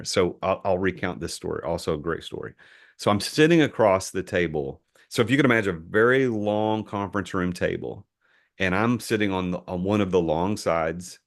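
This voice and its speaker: Deep-voiced man telling a story. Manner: animated storyteller, repeats words when starting sentences. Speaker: entrepreneur guest. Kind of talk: storytelling in a podcast interview.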